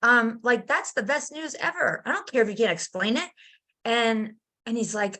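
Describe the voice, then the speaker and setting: A middle-aged woman telling a personal story in a casual, animated way, acting out the voices of people she describes. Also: mid-range voice, moderate pace. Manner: animated, acts out voices in her stories. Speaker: guest.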